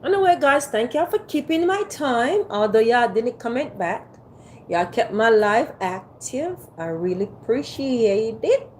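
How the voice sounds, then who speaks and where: A woman's voice: on the high side, lively intonation, measured pace, darkish tone, slight background noise. A woman hosting a casual livestream from a phone on a ring light, playfully teasing and coaxing her viewers to type in the chat. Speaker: livestream host.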